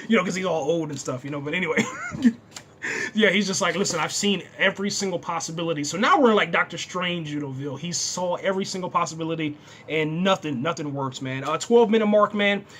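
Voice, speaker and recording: Excitable high-voiced man reviewing a show. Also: a little fast. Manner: excitable, says "man" constantly. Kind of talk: casual unscripted review.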